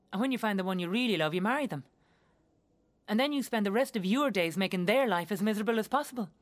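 A woman's voice: medium pitch, natural voice. An actress with an Irish accent performing a theatrical monologue as a young Irish woman who speaks in an earthy, wry and blunt way and swears freely.

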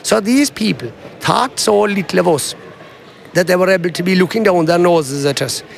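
A man's voice: sits high, lively intonation, moderate pace, creaky, slight background noise. A man with an Irish Kerry accent giving an indignant, emphatic election victory speech at a vote count centre. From Kerry, Ireland. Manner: indignant, emphatic, addressing a crowd. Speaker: politician.

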